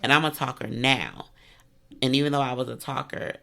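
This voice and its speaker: A middle-aged woman hosting a casual interview, chatty and quick to laugh. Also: very deep voice, vocal fry. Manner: chatty, laughs easily, animated when telling stories. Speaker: podcast host.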